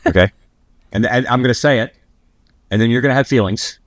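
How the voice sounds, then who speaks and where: A man co-hosting a podcast, chatting casually with quick, eager interjections. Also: mid-range voice, dry recording. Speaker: podcast host and teacher. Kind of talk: casual conversation.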